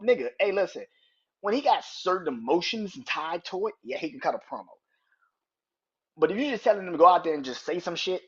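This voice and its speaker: A man's voice: sits high, animated, quick pace, slightly rough. A man hosting a wrestling podcast, ranting in a heated, profane, emphatic way. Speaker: podcast host. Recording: dull lo-fi audio.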